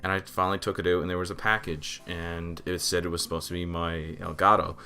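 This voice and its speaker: A young man co-hosting a podcast, telling a story in animated, swear-heavy casual chat. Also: deep voice, fast. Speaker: podcast co-host.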